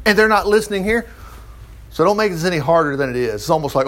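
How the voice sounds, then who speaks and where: A man's voice: sits high, brisk. A man teaching the Bible in a casual, chatty way, acting out the quotes and closing in prayer. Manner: chatty, animated, acts out quotes. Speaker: pastor.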